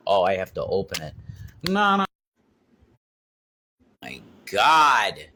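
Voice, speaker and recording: A man's voice: a little high, sing-song, slow, long pauses, bright, forceful tone. A man rambling and swearing as he walks around his house, vlogging into his phone. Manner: rambling, repeats himself, swears a lot. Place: home, walking around with a phone.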